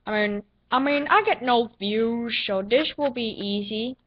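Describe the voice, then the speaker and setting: A young female gaming channel host giving excitable, playful commentary while playing, with silly sound effects. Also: on the high side, a little slow. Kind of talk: casual gameplay commentary. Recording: dull lo-fi recording with faint noise.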